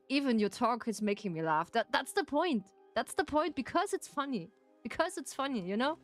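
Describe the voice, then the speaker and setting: A woman's voice: high voice, big pitch swings, moderate pace, faint music behind. A woman with a German accent, a native German speaker chatting casually with her viewers as a streamer, playful and teasing and laughing often.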